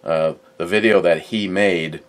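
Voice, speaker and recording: A man's voice: sits low, fairly even intonation, measured pace. A middle-aged man hosting a gun channel, chatting casually and rambling with many fillers and restarts. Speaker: host of a gun review channel. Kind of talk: casual chat about his collection.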